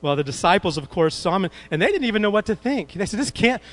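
Pastor, man, higher pitched voice, lively sermon delivery that keeps questioning the room. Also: fast, poor audio. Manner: animated, asks the congregation questions.

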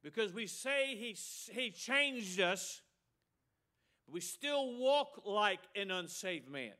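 A man's voice: high-pitched, expressive, takes it slowly, pushed and bright. A middle-aged male pastor preaching a sermon with emphasis, repeating a refrain and mocking excuses.

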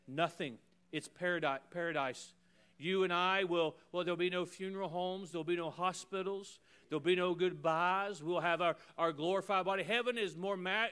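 Male pastor, high and resonant, preaching with emphatic repeated phrases and sudden drops to a hush. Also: smooth. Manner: emphatic preaching with swings between loud and hushed; repeats phrases in rhythmic runs. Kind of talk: sermon.

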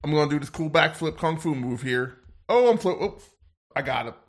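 A man's voice: a little high, expressive, brisk. A man playing a weapons officer in an improvised sci-fi role-play, narrating his fights with bravado and laughs.

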